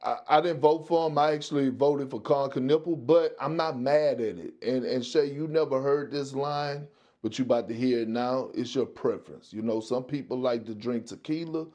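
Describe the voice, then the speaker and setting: A man's voice: medium pitch, normal speed, darkish tone. A man working as a sports analyst on a debate show, giving his take in a folksy way with homespun comparisons and stumbling restarts.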